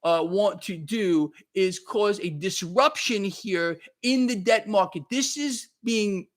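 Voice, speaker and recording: A man with a high-sitting voice speaks at a slow pace while hosting a market commentary livestream. Worked up and sweating, he rants heatedly, repeats himself, and thanks viewers by name.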